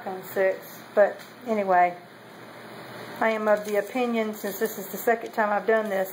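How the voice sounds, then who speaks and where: A woman's voice: mid-range voice, a little hiss or hum, low-quality recording. A woman, talking casually in a meandering way with many ums and self-corrections as she shows her pottery. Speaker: potter showing kiln results. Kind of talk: casual show-and-tell vlog.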